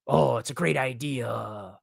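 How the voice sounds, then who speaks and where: A man doing a self-important wrestling boss, dropping his voice low and dragging out every phrase. He stalls on "uh" between words. The sound is dry and close. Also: vocal fry, husky, no room sound, exaggerated voice. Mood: pompous. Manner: slow, deep, halting with many "uh"s. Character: impression of a slow, gruff middle-aged male wrestling boss.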